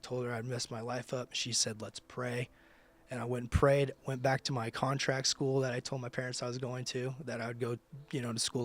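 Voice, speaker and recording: A man who leads a ministry, telling his personal testimony in conversation with emphatic, casual storytelling. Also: mid-range voice. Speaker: ministry leader.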